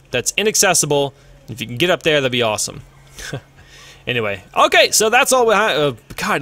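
A man hosting a let's play, giving casual, excitable gameplay commentary and mocking himself when things go wrong. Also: medium pitch. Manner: excitable, self-mocking, swears when frustrated.

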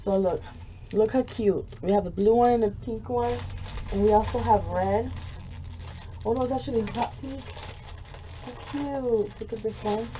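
A woman's voice: on the high side, a little slow, pauses often, warm tone, highs cut off. A woman vlogger chatting casually while making a gift, easily frustrated and swearing often. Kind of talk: casual craft vlog chat. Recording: faint background noise.

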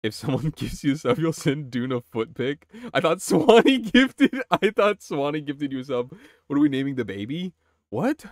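A young man chatting casually on his game live stream, excitable, swearing and reacting to chat. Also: medium pitch, fairly quick, no echo, clean studio sound.

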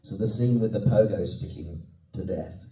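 Deep, dark-voiced man in an echoey hall. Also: moderate pace. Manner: chatty, self-deprecating, laughs often. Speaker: guest actor on a convention panel. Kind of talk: anecdotal panel Q&A. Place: convention hall. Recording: echoey hall, mic at a distance.

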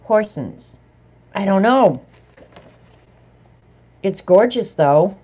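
A woman's voice: fairly low pitch, lively intonation, a little slow, pauses often, dark tone, muffled recording, faint music behind. A middle-aged woman vlogger chatting casually to viewers as she opens mail, laughing and reading bits aloud. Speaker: vlogger opening happy mail.

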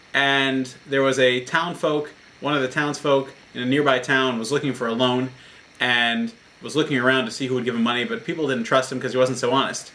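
Earnest male rabbi with a bright voice. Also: mid-range voice. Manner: earnest, explanatory storytelling. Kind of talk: short Torah talk.

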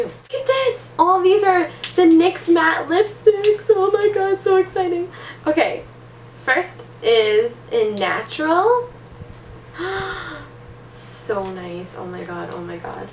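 A young woman unboxing makeup gifts in a casual vlog, excitable and gushing, gasping often. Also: a little high, reverberant, far from the mic, slight background noise. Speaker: beauty vlogger.

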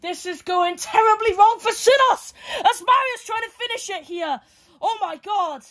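A woman giving excitable play-by-play fight commentary, full of exclamations and counts. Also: very high voice, normal speed.

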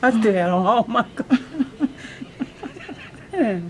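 A woman's voice: a little high, normal speed, slight background noise. A nervous woman vlogging casually to a handheld camera at home and in a hospital pre-op room, chatty, slangy and laughing often. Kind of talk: casual vlog chat to camera.

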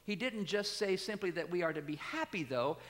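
Man in his sixties, pastor, preaching a sermon, slightly high voice, long church reverb. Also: a little fast. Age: 60s. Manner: animated, rising to emphatic peaks then dropping low. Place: church sanctuary.

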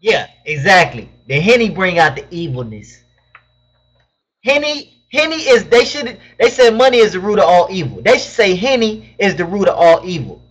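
High-voiced slangy young man on a stream. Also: big pitch swings, normal speed. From Southern California. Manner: loose slangy banter, reads chat questions aloud. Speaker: live stream host answering chat questions. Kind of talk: casual live-stream chat. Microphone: webcam mic. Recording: dull lo-fi webcam audio.

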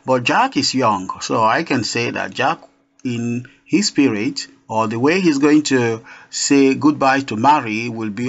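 A man teaching a beginners' French lesson, explaining slowly and repeating each phrase for practice. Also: mid-range voice, lively intonation, vocal fry, fairly bright tone. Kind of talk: spoken language lesson. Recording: dull lo-fi recording.

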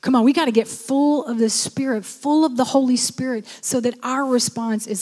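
A woman's voice: sits high, steady tone, normal speed, few pauses, a little mellow, big-room sound. A woman pastor preaching a sermon, exhorting her listeners and urging them on. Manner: exhorting, repeats "come on".

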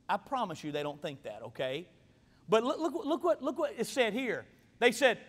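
A man's voice: very high-pitched, big pitch swings, moderate pace, a bit bright. A man preaching a sermon in a church, fervent and repeating himself for emphasis. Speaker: pastor. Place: church sanctuary. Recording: long reverb of a church hall.

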